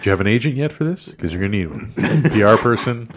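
This man speaks in a low voice as he talks bluntly on a podcast. He swears freely and slips into little acted-out quotes as he tells his stories. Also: expressive, fast talker, noisy background. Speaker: podcast co-host. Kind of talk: casual chat.

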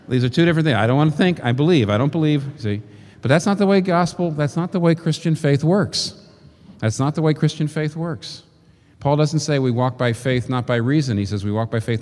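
A man preaching a sermon in an animated way, acting out quoted voices and repeating phrases for emphasis. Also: mid-range voice, long reverb tail.

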